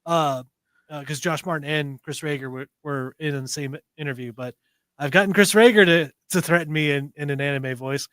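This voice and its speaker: A man's voice: fairly high pitch, normal speed, a bit bright, dry recording. A man co-hosting a radio talk show, talking eagerly and correcting himself as he goes, in a studio.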